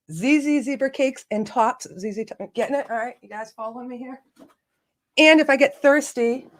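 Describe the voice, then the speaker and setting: A woman hosting a casual live stream, chatty and self-joking, laughing often and greeting viewers by name. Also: fairly high pitch. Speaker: livestream host.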